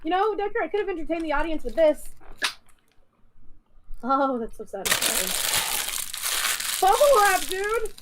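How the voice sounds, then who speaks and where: A woman's voice: high-pitched, very animated, normal speed, pauses often, noisy background. A woman co-hosting a livestream, chatting casually, joking and reading out donations. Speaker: co-host of a livestream.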